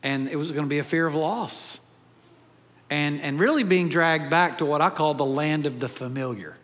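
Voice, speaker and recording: Joking pastor preaching in a large hall. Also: male voice, fairly high pitch, normal speed, a bit bright. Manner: conversational, joking asides to the congregation. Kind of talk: sermon.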